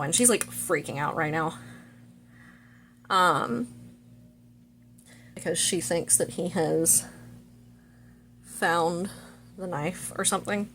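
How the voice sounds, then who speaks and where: A woman's voice: on the low side, takes it slowly, long pauses, fairly bright tone, slight background noise. A young woman vlogger casually retelling a movie plot, chatty and full of fillers.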